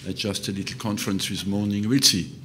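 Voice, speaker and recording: Low, flat-voiced older man. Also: slight background noise. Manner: hesitant, with many drawn-out fillers. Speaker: football manager. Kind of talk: press conference answers.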